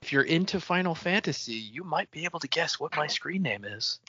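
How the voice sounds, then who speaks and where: A man in casual podcast chat, his voice rising and falling animatedly and sitting a little high. He laughs often as he talks. The sound is dull and dry, like a home mic. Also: lively intonation, a little fast, bright, forceful tone, slightly rough, no room sound. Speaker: podcast co-host. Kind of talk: casual book-club chat.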